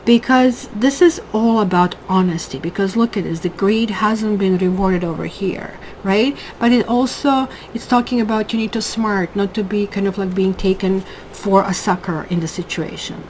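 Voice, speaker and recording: A woman's voice: mid-range voice, moderate pace, hardly any pauses, a little mellow, a little hiss or hum, poor audio. A woman reading tarot cards at a table at home in a casual monthly forecast, chatty and emphatic, often asking "right?". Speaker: tarot reader.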